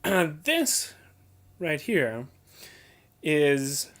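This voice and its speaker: A young adult explaining how to read poetry aloud, pointing out pauses and emphasis as clips play. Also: medium pitch, sing-song, fairly bright tone. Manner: points out details, emphasizes and repeats examples. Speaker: teacher explaining poetry reading. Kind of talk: casual spoken lesson.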